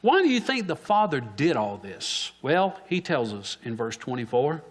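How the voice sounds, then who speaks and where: A man's voice: mid-range voice, sing-song, normal speed. A man preaching a sermon in church, asking the congregation questions and answering them himself.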